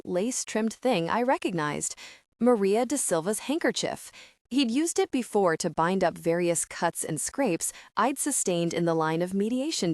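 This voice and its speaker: Lively woman narrating an audiobook, dry sound. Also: on the low side, dry recording. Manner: chatty, wry teen-girl storytelling. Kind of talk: first-person audiobook narration.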